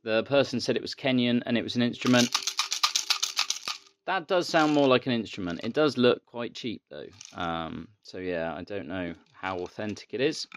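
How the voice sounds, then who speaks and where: A man's voice: medium pitch, lo-fi sound. A man, a toy collector, showing off his finds in a casual, rambling vlog. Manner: rambling, easygoing show-and-tell.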